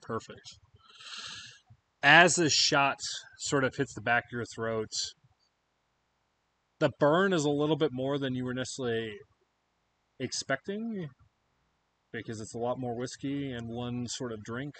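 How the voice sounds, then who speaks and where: A man guides his players through a scene as game master. He narrates loosely and descriptively, with lots of casual fillers. His voice sits at an ordinary pitch, with a light hiss in the background. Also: a little slow, pauses often, bright, forceful tone.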